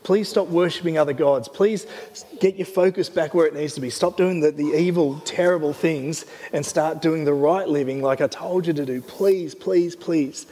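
A man's voice: a little high, normal speed, dark tone, in a large hall, close to an everyday voice. A man voicing God in his sermon, a loving, just male God begging his people to return. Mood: pleading. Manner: begging, tender.

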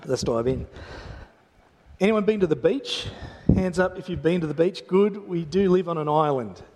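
An Australian pastor with a notably high voice delivers a chatty, joking sermon full of restarts and asides. His voice rings with a long reverb from a church hall. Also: expressive, normal speed, a little mellow. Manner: chatty storytelling with humor and frequent restarts.

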